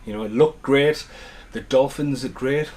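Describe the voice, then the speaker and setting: A man's voice: medium pitch, unhurried, a little mellow, slightly rough. A man giving a casual, rambling unboxing chat at home as a collector vlogger, with enthusiastic asides.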